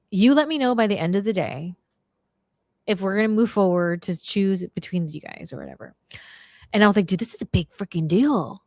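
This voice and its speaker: A middle-aged woman casually telling a story on her podcast, slangy and animated, acting out the people she quotes. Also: mid-range voice, dry recording, clean studio sound. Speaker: podcast host.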